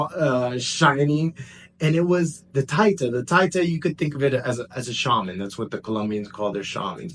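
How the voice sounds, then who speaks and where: A man telling a personal story in a casual, animated way, jumping between excited bursts and hushed asides. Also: medium pitch. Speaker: vlogger.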